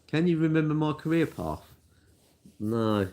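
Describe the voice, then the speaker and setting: A man's voice: fairly high pitch, expressive, a little slow, warm tone. An older man, chatting casually and rambling in a self-deprecating, matey way while answering viewer questions. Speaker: cake shop worker answering viewer questions. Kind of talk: casual chat.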